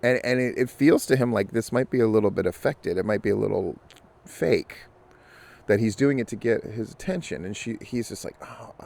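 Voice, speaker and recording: Gravelly man telling a long joke. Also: on the low side, fairly quick, darkish tone. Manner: storytelling, conversational with filler restarts. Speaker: news and commentary host. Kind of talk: casual commentary and joke telling.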